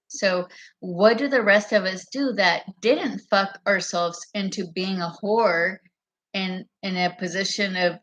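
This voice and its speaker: Slow-talking rambling woman vlogger. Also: medium pitch, fairly bright tone. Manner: meandering, profane, loses her train of thought. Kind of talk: rambling casual monologue to camera. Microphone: camera mic.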